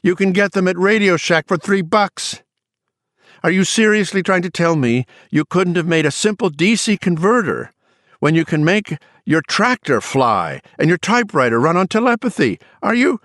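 A man's voice: fairly low pitch, sing-song, normal speed, no echo, clean studio sound. A man voicing a bitter, scornful middle-aged man who rants sarcastically in an audiobook. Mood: screaming furious. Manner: ranting, sarcastic. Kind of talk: audiobook character voice.

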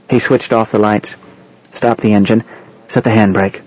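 A man reading a novel aloud in steady, scripted narration. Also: on the low side, normal speed, highs cut off. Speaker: audiobook narrator.

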